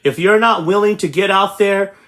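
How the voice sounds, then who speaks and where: At a normal speed, a man hosting a real estate channel gives a motivational talk, speaking directly to viewers and emphatically repeating himself. His voice is high and a bit bright.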